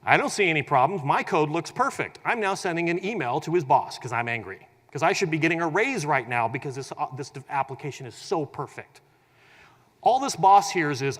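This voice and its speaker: Energetic male tech presenter in a reverberant hall. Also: a little high, a little fast. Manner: energetic, acts out quoted scenarios with humor. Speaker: conference presenter. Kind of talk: tech conference keynote talk. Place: large conference hall.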